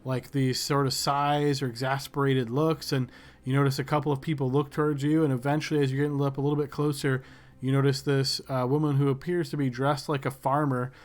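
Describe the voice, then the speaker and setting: A man narrating a tabletop game as game master, descriptive and unhurried with many fillers. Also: mid-range voice, flat delivery.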